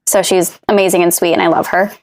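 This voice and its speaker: A woman's voice: on the low side, steady tone, quick pace. Chatty woman guest, lots of fillers. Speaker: podcast guest. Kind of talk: casual chat.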